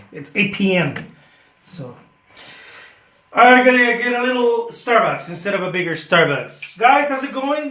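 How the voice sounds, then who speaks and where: Playful, high-voiced artist chatting while painting. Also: male voice, bright, forceful tone, roomy sound. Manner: playful, self-mocking boasts; chatty, thanks viewers by name. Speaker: artist painting live for viewers. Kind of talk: casual live-stream chat while painting.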